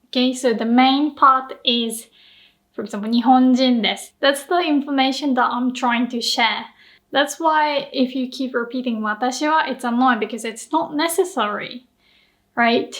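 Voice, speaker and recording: Japanese woman, language teacher, high bright voice, playful with examples. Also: normal speed. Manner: playful, acts out example lines. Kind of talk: explaining grammar to camera.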